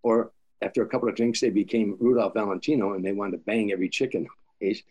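An older man with a fairly low voice, telling stories as an interview guest. He acts out the lines of the people he quotes and often stammers and restarts his sentences. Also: fairly even intonation, quick pace, dark tone. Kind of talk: storytelling interview.

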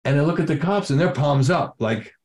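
Older man, lively animated storyteller. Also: on the high side, a little fast. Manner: lively storyteller who acts out quotes and swears casually. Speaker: interview guest, drummer. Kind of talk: animated anecdote telling.

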